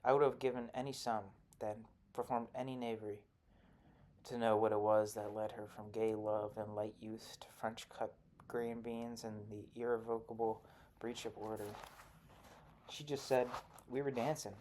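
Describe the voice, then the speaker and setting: A man narrating a literary short story in a measured, even reading. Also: fairly low pitch, a little hiss or hum. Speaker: audiobook narrator.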